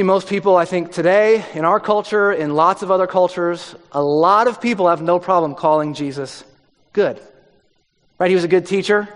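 A man preaching a sermon in a conversational way, dropping his voice low for emphasis. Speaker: pastor. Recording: long hall reverb.

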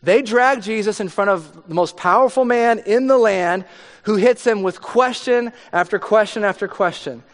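A man's voice: sits high, normal speed. Preaching man in an echoing hall. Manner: conversational preaching, acts out voices with rising intensity. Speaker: pastor. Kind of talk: sermon. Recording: long hall reverb.

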